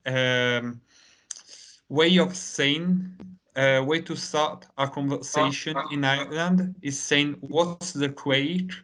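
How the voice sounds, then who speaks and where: Italian guy teaching english online, slow and chatty, kinda high voice, lots of you-knows. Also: sharp tone, clear, resonant tone. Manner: unhurried, many "you know" fillers. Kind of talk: conversational online lesson.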